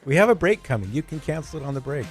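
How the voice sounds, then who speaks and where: A man's voice: fairly high pitch, very animated, rapid-fire, husky, soft background music. A man hosting a radio talk show, chatting casually and laughing easily as he repeats words for fun.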